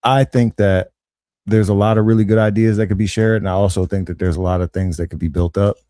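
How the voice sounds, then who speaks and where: A man's voice: fairly low pitch, steady tone, fast, warm tone, no room sound. A man hosting a podcast, chatting casually in easygoing, slangy banter. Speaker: podcast host. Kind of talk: casual chat.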